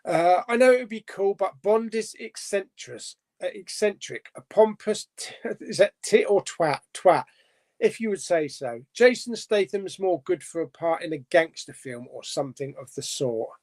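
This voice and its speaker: A man's voice: sits high, expressive, moderate pace, darkish tone. A man hosting a casual live stream chat, reading out viewer comments and rambling chattily with frequent self-corrections and laughs.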